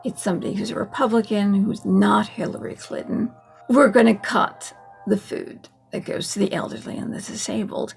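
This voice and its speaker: Gravelly-voiced sarcastic woman vlogger. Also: mid-range voice, darkish tone. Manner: sarcastic, laughing at her own points. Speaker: political commentary vlogger. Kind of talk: casual political monologue.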